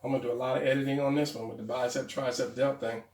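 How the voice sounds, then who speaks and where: A man talking viewers through a drawing tutorial in a casual, rambling way, correcting himself out loud as he sketches. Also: mid-range voice, little pitch movement, racing, distant mic. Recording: roomy, off-mic sound.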